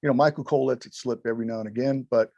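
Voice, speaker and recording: A man's voice: mid-range voice, fairly even intonation, racing, gravelly, darkish tone, no room sound, highs cut off. A man as a podcast guest, telling candid stories emphatically, with heavy swearing and acted-out quotes. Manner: profane, emphatic, acts out quotes. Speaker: former wrestling referee, podcast guest. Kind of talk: candid interview storytelling.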